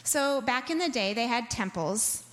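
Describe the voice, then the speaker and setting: A woman's voice: on the high side, expressive, unhurried. A woman pastor giving a sermon in church, conversational and telling stories with humor. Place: church sanctuary. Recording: long hall reverb.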